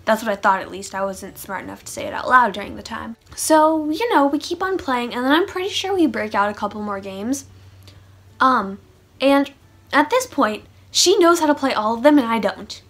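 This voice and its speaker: A woman's voice: a little high, lively intonation, moderate pace, fairly bright tone. A woman chatting through a funny storytime vlog, with sarcastic asides. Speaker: vlogger. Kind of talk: casual storytime monologue.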